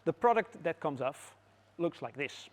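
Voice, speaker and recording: A man guiding visitors through a factory floor, explaining in a measured way with frequent pauses. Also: fairly high pitch, animated. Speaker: factory tour guide. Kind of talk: guided factory tour.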